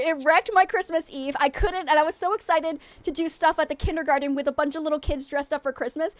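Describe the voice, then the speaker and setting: Very high-voiced bubbly woman streamer. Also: quick pace, few pauses, no room sound. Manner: bubbly and excitable, laughs often. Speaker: variety streamer. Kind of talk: live game stream chat.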